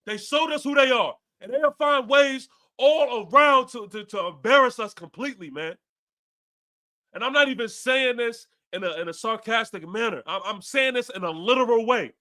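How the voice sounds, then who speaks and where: A man's voice: very high voice, normal speed, sharp tone. A man hosting a live fan stream, ranting after a game with profanity and lots of repetition. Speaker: fan podcast host.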